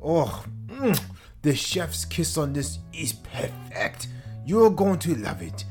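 A man's voice: fairly high pitch, sing-song, slow, darkish tone, soft background music, voice pushed up. A man putting on a mixed, put-on accent to play a slick maître d' who savors serving up fear and doubt as dishes. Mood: sly, savoring. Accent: put-on blend of Louisiana, French and Eastern European. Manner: theatrical, savoring, mock-seductive upselling. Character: smooth, sly male restaurant maître d' hosting a buffet of excuses.

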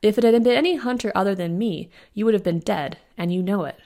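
A woman's voice: medium pitch, fast talker, warm tone, lightly acted. A woman voicing a guarded male monster hunter who talks firmly and matter-of-factly in a storybook reading.

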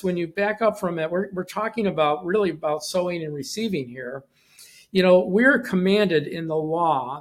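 A man giving a short devotional Bible teaching, talking conversationally with frequent restarts and asides. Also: on the high side.

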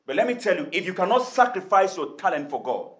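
A man preaches in a high, light voice, telling his congregation a story and slipping into the voices of its characters. His words ring out with a noticeable echo from the room around him. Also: very animated, quick pace. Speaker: pastor. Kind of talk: sermon.

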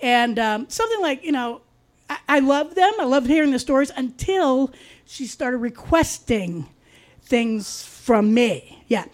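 A middle-aged woman telling a personal true story in a wry, confiding way, with dark humor. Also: sits high, lively intonation, unhurried.

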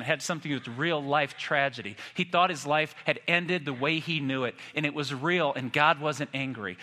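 A man's voice: a little high, sharp tone, long reverb tail. A man in his fifties preaching a sermon, telling stories with self-deprecating humor. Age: 50s. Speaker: pastor.

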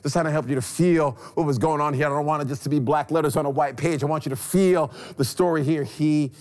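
A man preaching a sermon, telling a scripture story dramatically and swinging between loud passages and hushed ones. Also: a little high, fairly even intonation, fast. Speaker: pastor.

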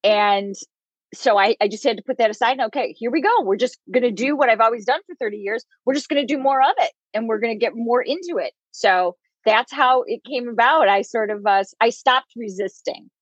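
A woman in her fifties, a psychic medium, telling her own life story as an interview guest, candid and quick to laugh. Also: a little high, no room sound. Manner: candid, laughs often while telling stories. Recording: dull, dry lo-fi recording.

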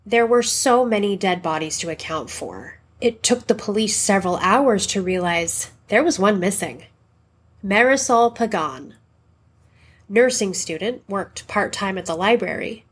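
A woman reporter giving scripted true-crime narration in a dramatic, measured way. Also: mid-range voice, expressive, husky.

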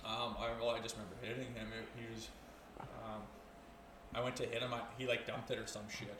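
A man's voice: fairly low pitch, level tone, a little fast, a bit bright, reverberant, a little hiss or hum. A man in his thirties from Canada, a former hockey player who is the guest on a podcast, telling stories in casual chat, cursing often and laughing through them. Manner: laid-back, swears a lot, laughs through his stories.

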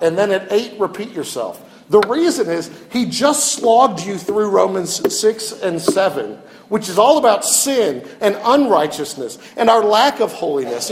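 A man preaching a sermon as a pastor, earnest and expressive, often restarting his phrases. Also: sits high.

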